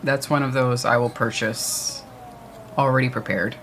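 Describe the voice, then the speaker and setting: Fairly even in intonation and measured in pace, a man with a medium pitch and a fairly bright tone co-hosts a livestream watch party. He talks casually and replies to the live chat, over slight background noise.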